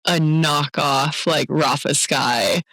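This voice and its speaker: A woman's voice: low voice, fairly even intonation, slow, fairly bright tone, no echo. A young woman co-hosting a podcast, reacting with giggles and playful quips. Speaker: podcast co-host. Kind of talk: casual chat.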